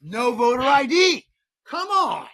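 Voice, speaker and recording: A middle-aged man with an unusually high, bright voice rants on a political podcast. He sounds heated and fired up, and he stumbles over repeated words as he pushes his point. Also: big pitch swings, takes it slowly. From United States. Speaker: podcast host.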